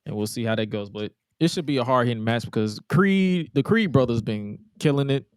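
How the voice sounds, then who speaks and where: A man's voice: mid-range voice, expressive, fairly quick, clean tone, dry recording, clean studio sound. A young man co-hosting a wrestling podcast in loose casual chat, slangy and given to repeating himself. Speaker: podcast co-host.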